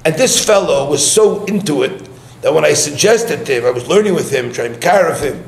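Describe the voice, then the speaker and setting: A man's voice: a little high, expressive, a little fast, gravelly. A middle-aged man, a rabbi, telling a story in a sermon and acting out its dialogue with animation. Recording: echoey room, faint background hum.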